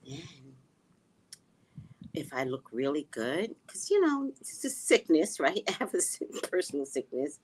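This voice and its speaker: A middle-aged woman hosting a casual livestream, chatting and reading viewer comments, animated with hushed asides. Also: deep voice, a little slow, a little hiss or hum. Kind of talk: casual live chat.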